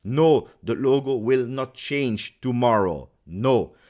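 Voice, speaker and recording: A man's voice: mid-range voice, animated, slow pace, a little mellow. A man with as his hosting a casual pregame football talk, emphatic and angry, repeating phrases for stress. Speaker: football channel host.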